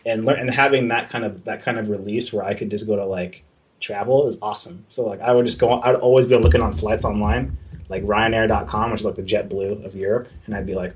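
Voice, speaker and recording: Husky and lowish, this young man's voice moves at a quick pace as he chats about his time working abroad. The artist recounts it with animation, swearing plenty and performing the dialogue he quotes.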